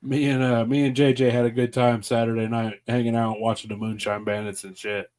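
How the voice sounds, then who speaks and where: A man's voice: medium pitch, fairly quick. A man hosting a casual podcast chat, telling stories with lots of swearing and acting out what others said. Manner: animated, profane storyteller who acts out voices.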